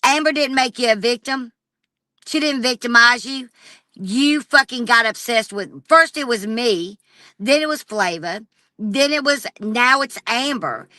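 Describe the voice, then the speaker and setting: Bright, profane woman ranting. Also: on the high side, measured pace, no room sound. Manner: profane and confrontational, addressing a rival directly. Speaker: livestreamer. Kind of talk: angry livestream rant.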